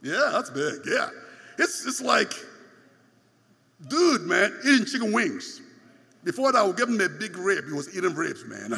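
A man's voice: high-pitched, big pitch swings, a little slow, vocal fry, long pauses, sharp tone, slightly rough. A man preaching a sermon, stressing points by repeating phrases, heard in a large church hall. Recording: long hall reverb.

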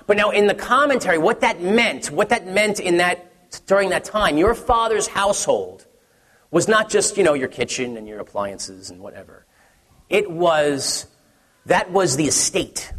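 A man's voice: high voice, animated, unhurried, fairly bright tone, in a large hall. A man, a pastor in his thirties, preaching a sermon in a conversational, story-telling way with many restarts.

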